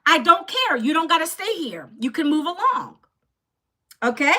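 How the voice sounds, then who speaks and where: A woman in her fifties hosting a live stream, talking loudly and bluntly as she pushes her program and scolds viewers in the chat. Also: high voice, very animated, normal speed. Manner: loud and blunt, close to yelling. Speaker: livestream host selling an online program.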